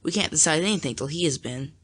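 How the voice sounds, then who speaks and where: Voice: mid-range voice, fast, a bit bright, breathy edge. An audiobook reader voicing an anxious, dutiful young woman, the eldest sister, in a storybook. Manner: anxious, earnest.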